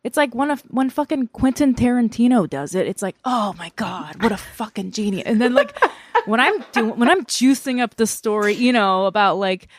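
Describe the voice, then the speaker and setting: A woman's voice: on the high side, animated, normal speed, no room sound. Profane, rambling woman comedian, dry mic. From Korea. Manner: profane, rambling, laughs often. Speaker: guest comedian. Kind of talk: casual podcast chat.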